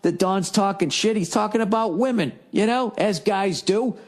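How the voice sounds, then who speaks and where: A man's voice: sits high, moderate pace. Swearing, ranting male podcast host. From United States. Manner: profane, ranting, sarcastic. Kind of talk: solo comedy podcast monologue.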